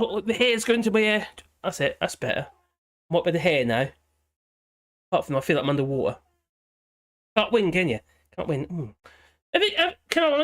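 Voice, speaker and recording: A hoarse man hosting a live stream, chatting in a rambling, cheeky way and giggling often. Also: high-pitched, fairly bright tone. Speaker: livestream host. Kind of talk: casual live-stream chat. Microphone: headphones with a small speaker.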